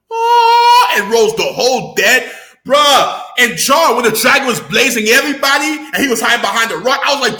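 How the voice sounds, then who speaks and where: A young man rattles off an excited, casual recap, full of slang, swearing and loud outbursts. His voice sits high and swings widely in pitch. It has a bright edge, recorded in a roomy, echoing space. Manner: animated, slangy, swears freely, loud exclamations. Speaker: YouTuber reviewing a TV episode.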